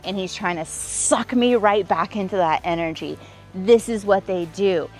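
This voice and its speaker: A woman's voice: medium pitch, unhurried, soft background music. A woman vlogging as a relationship coach, telling a personal breakup story and explaining attachment patterns, acting out quoted exchanges with emphatic lists. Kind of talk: personal vlog storytelling with advice.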